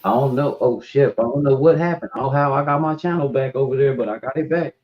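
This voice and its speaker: A man's voice: mid-range voice, fast talker. A man hosting a live stream, chatting casually and telling loose, rambling stories. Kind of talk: casual chat. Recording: dull lo-fi stream audio.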